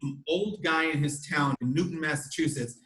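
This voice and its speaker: A man hosting a podcast who tells stories in an animated way, with frequent restarts. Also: a little high, normal speed. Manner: animated storytelling, many restarts. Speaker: podcast host. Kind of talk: casual chat. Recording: echoey room.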